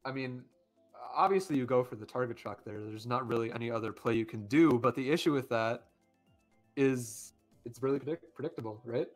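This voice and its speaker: A man's voice: mid-range voice, a little fast, faint music behind. A man commentating a kart racing tournament live, chatty and talking to the chat. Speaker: esports caster.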